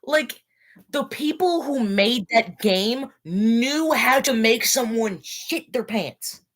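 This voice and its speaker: A woman's voice: fairly high pitch, lively intonation, takes it slowly. A woman co-hosting a casual game review podcast, talking animatedly, swearing and acting out game characters. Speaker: podcast co-host.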